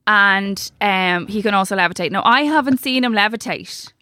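A woman's voice: mid-range voice, normal speed, pushed and bright, no echo, clean studio sound. An Irish woman in her thirties co-hosting a casual comedy podcast, chatting in a rambling, giggly way. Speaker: podcast co-host.

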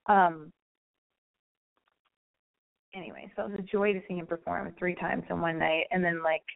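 A woman's voice: fairly low pitch, steady tone, normal speed, creaky. A young adult woman hosting a call-in advice radio show, talking candidly and rambling with profanity. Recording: phone-like narrow band.

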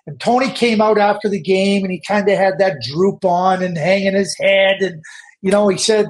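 A middle-aged man with a noticeably high voice talks hockey as a guest analyst. He argues insistently, doubling back on words to hammer home his point. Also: normal speed. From Canada. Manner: insistent, repeats words when pressing a point. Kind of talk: emphatic opinionated sports talk.

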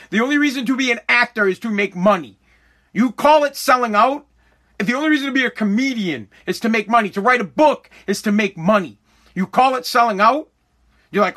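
Podcast host, male, very high voice, profane emphatic rant, acts out both sides of imagined talks. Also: sharp tone. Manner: profane, emphatic, repeats himself for effect. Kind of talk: ranting podcast monologue.

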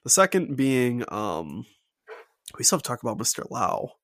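This co-host rambles through a relaxed, enthusiastic movie chat on his podcast, packed with fillers. His mid-range voice is fairly bright and sing-song, moving at a moderate pace, and the recording is dry.

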